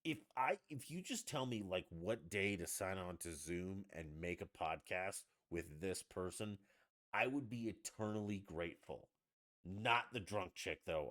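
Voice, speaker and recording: A man hosting a podcast livestream, ranting casually with lots of swearing and sudden loud outbursts. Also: low-pitched. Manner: profane, ranting, animated outbursts. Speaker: podcast host.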